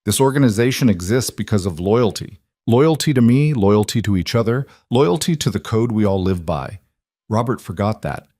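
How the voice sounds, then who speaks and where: A man doing a paralyzed mafia boss, cold and deadly quiet, low voice, dry booth sound. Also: lively intonation, normal speed, no echo. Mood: menacing. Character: cold, controlled male mafia boss in wheelchair.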